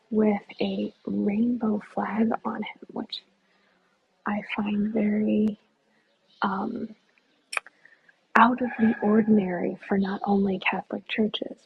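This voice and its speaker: A woman leading a live walking tour outdoors, talking in a relaxed, often hushed way as she walks with her phone. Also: medium pitch, takes it slowly, gravelly, long pauses, breathy edge, narrow, tinny audio. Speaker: tour guide. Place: outdoors in a hillside village.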